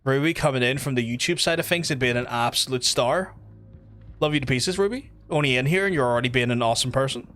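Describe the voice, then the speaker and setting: A man's voice: medium pitch, fast, fairly bright tone. A man with a Northern Irish accent, rambling chattily and swearing freely as he streams a game. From Northern Ireland. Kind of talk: casual live-stream commentary.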